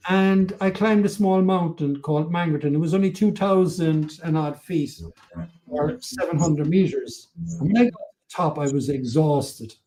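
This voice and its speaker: Older Irish man, Cork accent, lively raconteur with a slightly raised voice; a guest who acts out every scene. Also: fairly high pitch, moderate pace. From Ireland. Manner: animated, acts out quotes, swears freely. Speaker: podcast guest. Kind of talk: storytelling interview.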